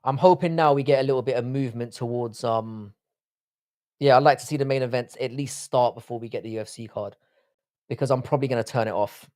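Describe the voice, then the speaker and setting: A man's voice: mid-range voice, fast, a little mellow. A man with a London accent hosting a live stream, chatting casually and bantering with the viewers in a profane, joking way. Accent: London English. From England.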